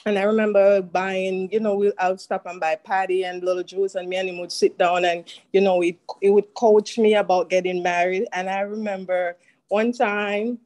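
A woman giving a halting, heartfelt spoken tribute at a church service. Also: mid-range voice, steady tone, a little mellow, rough recording. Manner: halting, heartfelt, with many restarts. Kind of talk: emotional spoken remembrance.

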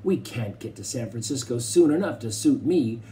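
A man doing a nervous gentleman passenger. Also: medium pitch, expressive, normal speed, a little hiss or hum, close to an everyday voice. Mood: anxious. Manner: anxious.

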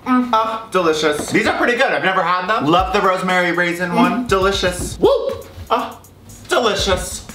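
A man's voice: sits high, normal speed, crowd noise. A man hosting a food vlog from his kitchen, playful and chatty, laughing often as he eats. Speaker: food vlogger. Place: home kitchen. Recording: echoey kitchen with music under.

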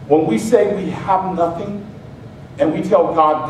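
A male pastor with a high-pitched voice preaches loosely and playfully, acting out little scenes as he goes. He sounds a good distance from the microphone in a church sanctuary with heavy echo and a faint hiss underneath. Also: a little slow. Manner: conversational and joking, acts out scenes. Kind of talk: sermon. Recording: very echoey hall, mic far off, faint hiss.

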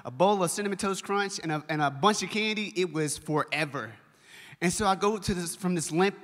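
Bright-voiced young pastor preaching in an echoing hall. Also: male voice, sits high. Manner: animated, conversational, addresses the congregation directly. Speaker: children's pastor. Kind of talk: storytelling sermon. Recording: long reverb of a large hall.

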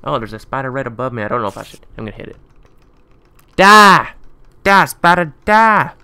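A man's voice: mid-range voice, steady tone, racing, creaky, a bit bright, no echo. A man giving rambling let's play commentary, muttering to himself as he plays. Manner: chatty, rambling running commentary; muttering to himself while building. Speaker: gaming YouTuber.

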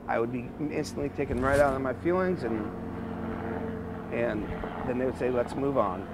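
A man's voice: mid-range voice, normal speed, heavy background noise. A man, a former student, speaking in a documentary interview and repeating phrases to stress his point.

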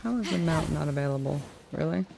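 A woman streaming a video game, chatting casually with viewers, swearing freely and greeting them warmly by name. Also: deep voice, lively intonation, fast talker. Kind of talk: casual live-stream chat while gaming. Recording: clear game music underneath. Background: game music.

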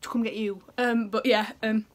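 Indoors at the family home, a young vlogger chats away in a bubbly, rambling manner, gushing about things. Her voice sits a little high, with a steady tone and normal speed.

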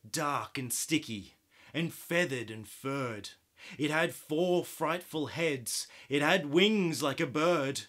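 A man with an Australian accent reads a picture book aloud, taking his time over each line. His pitch rises and falls expressively as he tells the story. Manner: animated, expressive read-aloud.

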